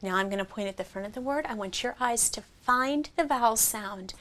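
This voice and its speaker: A woman teaching a phonics lesson, sounding out vowels slowly and clearly and praising the listener. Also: a little high, fairly bright tone. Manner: slow, clear, encouraging, sounds out each vowel.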